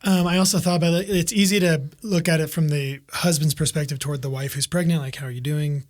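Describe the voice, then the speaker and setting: A man's voice: a little high, steady tone, fast. A man co-hosting a podcast with his wife, chatting casually and rambling with many fillers and restarts. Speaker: podcast co-host.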